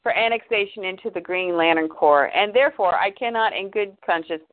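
Woman reading a formal male alien officer, calm and stern. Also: mid-range voice, fairly quick, natural voice. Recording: tinny phone-like line.

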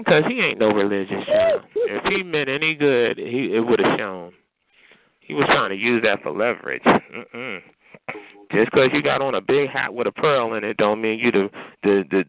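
A man taunting callers on a phone chatline with sassy, mocking, foul-mouthed banter, calling them honey and child. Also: mid-range voice. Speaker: chatline heckler. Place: on a phone call. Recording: noisy tinny phone line.

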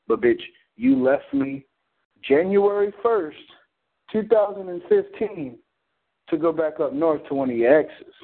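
A man's voice: on the high side, very animated, measured pace, vocal fry. A man on a community call, telling a story in a blunt, heated, profane way. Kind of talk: casual storytelling. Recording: phone-like call audio.

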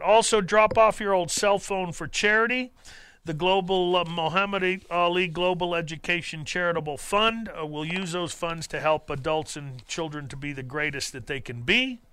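A man hosting a talk radio show, speaking haltingly with many fillers and restarts, then reading a poem aloud. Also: a little high, pushed and bright, clear, resonant tone. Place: radio studio. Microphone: studio microphone.

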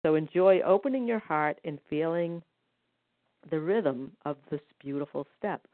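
A woman leading a guided healing session, gently counting rhythms aloud. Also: deep voice, expressive, unhurried, no room sound. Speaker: energy healing practitioner. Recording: dry, tinny phone-like line.

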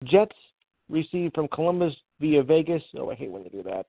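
A man with a slightly high, gravelly voice speaks a little fast and very animatedly, with no echo. He hosts a casual sports podcast, reading out draft picks, stumbling over difficult names, and tossing in offhand asides. The audio is a tinny phone line.

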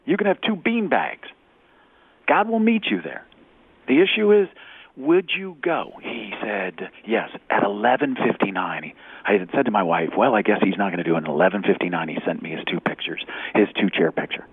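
Animated male storyteller on tinny radio. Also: fairly low pitch, moderate pace, breathy edge, no room sound. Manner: animated storyteller, acts out quoted dialogue, drops to a whisper. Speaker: executive recruiter, guest speaker. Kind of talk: storytelling faith talk. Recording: tinny phone-like radio audio.

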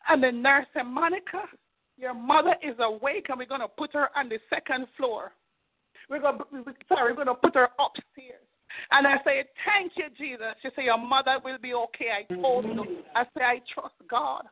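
A woman's voice: sits high, normal speed. A middle-aged woman minister giving an earnest, fervent testimony and exhortation on a prayer call. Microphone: telephone. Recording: tinny phone line.

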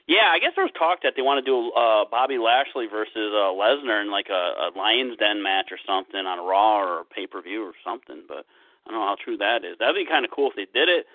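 A man's voice: on the low side, lively intonation, fairly quick, dry recording. A man co-hosting a podcast, chatting casually about wrestling, rambling, swearing a lot and laughing at his own jokes. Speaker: podcast co-host. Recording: dry tinny phone-like sound.

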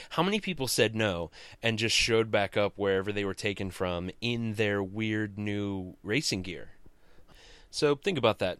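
A man's voice: on the low side, a bit bright, no room sound. A man hosting a comics podcast, giving a casual, rambling and jokey recap that often interrupts itself.

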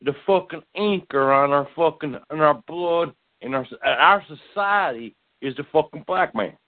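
Brief: man caller, fairly high voice, stumbling, profane rant, thin phone-line sound. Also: measured pace, dry recording.

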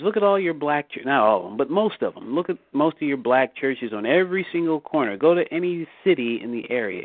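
A man hosting a bible study talks at a middle pitch, pressing his points with repeated phrases and sudden climbs for rhetorical questions. His voice comes over a dry, tinny phone line. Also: dry recording. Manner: emphatic, repeats and restarts, rising for rhetorical questions. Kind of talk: casual discussion on a call.

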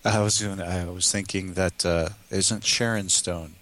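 A man's voice: low-pitched, fairly even intonation, measured pace, a bit bright. A man, a podcast guest, speaking hesitantly with many fillers and restarts. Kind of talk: casual chat.

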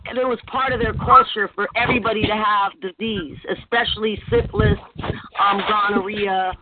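A woman in a casual podcast chat, telling stories in an animated, slangy way. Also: medium pitch, moderate pace. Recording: tinny phone line with faint noise.

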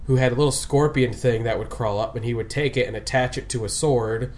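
A man's voice: medium pitch, fairly quick, darkish tone, slight background noise. Rambling man on a podcast. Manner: rambling, laughs often, trails off mid-sentence. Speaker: podcast co-host. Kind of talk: casual chat. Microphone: remote call. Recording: remote call audio.

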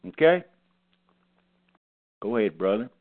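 A man's voice: fairly low pitch, sing-song, measured pace. A man preaching in a folksy, emphatic way, repeating his key phrases and calling on a brother to read. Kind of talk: sermon teaching. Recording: phone-like narrow band.

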